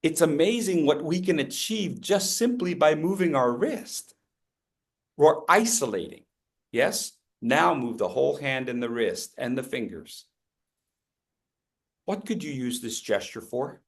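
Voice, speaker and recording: An interactive coaching workshop is led by a man whose voice is on the high side and whose pace is measured. Animated and upbeat, he jokes with the group and calls out instructions and the names of audience members.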